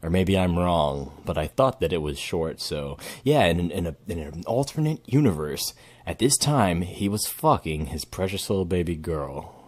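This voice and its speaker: A man's voice: low-pitched, moderate pace, a little mellow. A man giving crude, swearing reaction commentary on a video and laughing at his own jokes.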